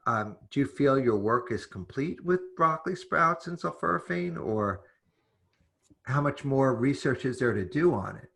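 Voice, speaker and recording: A man's voice: mid-range voice, lively intonation, normal speed, gravelly, sharp tone. A man hosting an interview, asking long, curious, winding questions. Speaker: interviewer host. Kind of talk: conversational interview.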